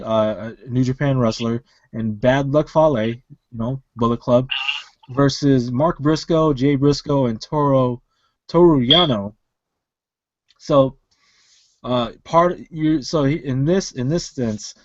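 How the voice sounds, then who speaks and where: A man's voice: medium pitch, dry recording, highs cut off. A man co-hosting a casual wrestling podcast over an online call, rambling with many fillers and restarts. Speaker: podcast co-host.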